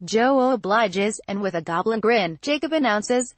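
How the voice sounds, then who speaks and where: In a close, dry recording with no room sound, a woman with a middle-range pitch reads a memoir excerpt aloud. Her delivery is steady and measured, and she keeps quoted lines close to her narrating voice.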